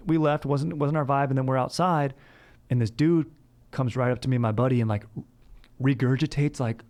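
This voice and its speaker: A man's voice: lowish voice, darkish tone. A young man hosting a podcast, telling a rambling story in a laid-back, casual way and saying "dude" all the time. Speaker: podcast host.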